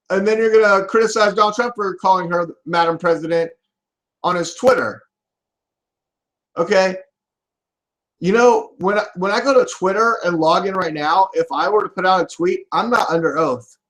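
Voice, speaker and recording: A man hosting a live political podcast, ranting and swearing, bursting into loud shouts now and then. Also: sits high, normal speed.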